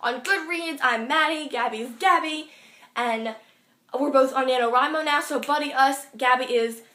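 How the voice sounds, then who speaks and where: A teenage girl reviewing a book on her vlog, gushing and rambling with quick excited asides. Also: high-pitched. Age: teens. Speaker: book vlogger. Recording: roomy echo.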